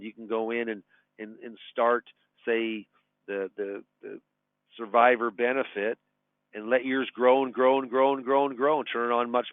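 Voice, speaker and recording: A man's voice: medium pitch, no echo. Chatty guy in his 60s teaching a webinar, tinny phone-ish audio, dead dry. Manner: folksy, chatty, tells anecdotes and chuckles. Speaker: retirement advisor. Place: his office.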